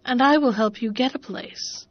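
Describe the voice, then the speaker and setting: A woman's voice: on the high side, normal speed, no room sound, highs cut off, close to an everyday voice. A woman voicing an old crone in a storybook reading, speaking in a curt, commanding way. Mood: demanding. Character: old crone at a gate, demanding. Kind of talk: storybook narration.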